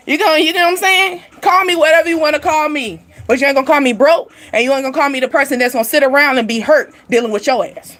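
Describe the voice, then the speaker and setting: A woman giving a casual, animated tarot reading, laughing often and speaking straight to her viewers. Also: high voice, fairly quick. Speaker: tarot reader. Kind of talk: livestream card reading.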